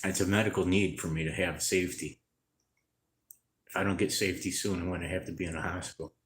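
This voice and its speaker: A tired man talking to camera in a halting, rambling, distressed way, with many restarts. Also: deep voice, fairly even intonation, a bit bright, a little hiss or hum. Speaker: vlogger. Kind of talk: unscripted personal vlog to camera. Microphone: camera mic. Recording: roomy echoey room.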